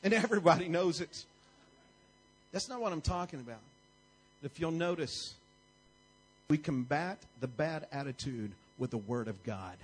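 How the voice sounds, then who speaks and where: A man delivers a sermon in a church, his voice pitched high with a husky edge. He drives his points home through emphatic repetition. Faint music plays softly behind him. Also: expressive, moderate pace, pauses often, rough recording. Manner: emphatic, repetitive preaching cadence. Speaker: preacher.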